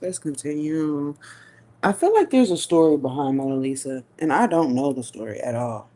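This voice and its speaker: A woman giving a live tarot reading, musing slowly with long hums and pauses, and talking in a casual, profane way. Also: sits low, very animated, mellow. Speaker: tarot reader.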